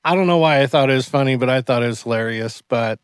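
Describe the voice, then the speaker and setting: A martial arts instructor hosting a casual podcast, telling animated stories and acting out the people in them. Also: male voice, medium pitch, fast, clean tone, dry recording. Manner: animated storyteller who acts out the people in his stories.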